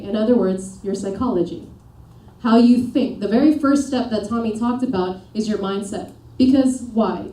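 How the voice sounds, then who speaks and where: A woman working as a performance coach, giving an energetic motivational seminar and pushing the audience with questions and commands. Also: fairly high pitch. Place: seminar room with a live audience. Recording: echoey room, voice picked up from a distance.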